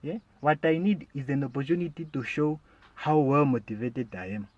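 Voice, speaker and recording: A man's voice: mid-range voice, expressive, normal speed, a little mellow, muffled recording. A man performing a sarcastic comic monologue, talking straight at his listeners and ending points with "yeah?". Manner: sarcastic, addresses listeners directly with "my friend" and "yeah?". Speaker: comedian.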